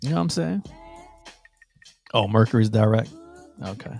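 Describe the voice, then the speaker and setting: A man's voice: fairly low pitch, animated, moderate pace, creaky, a little mellow, soft background music. A man co-hosting a casual live-stream show, talking loosely and teasing, often repeating himself, on a podcast mic at home. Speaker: co-host.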